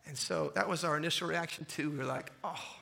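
Gravelly, bright-voiced man telling a story. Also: on the high side, brisk. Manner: animated storyteller acting out dialogue. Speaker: speaker sharing testimony. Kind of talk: storytelling talk to an audience.

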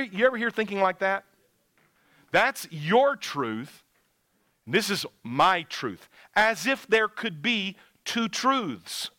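A man's voice: high-pitched, sharp tone, no echo. A man preaching a sermon to a congregation, speaking emphatically, drawing out key words and talking straight to his listeners.

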